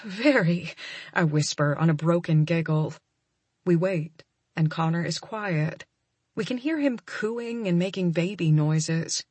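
Soft, breathy woman narrating a romance. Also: fairly low pitch, unhurried, dry recording. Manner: soft, breathy and emotional, often near a whisper. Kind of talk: first-person audiobook narration.

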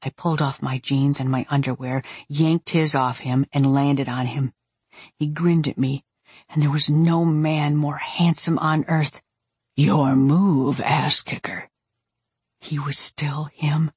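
Low, husky woman narrating an audiobook. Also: no room sound. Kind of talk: first-person audiobook narration.

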